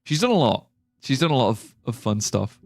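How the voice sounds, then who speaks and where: A man livestreaming a game in casual chat, excitable and laughing often, with quick exclamations. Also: medium pitch, gravelly. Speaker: live streamer.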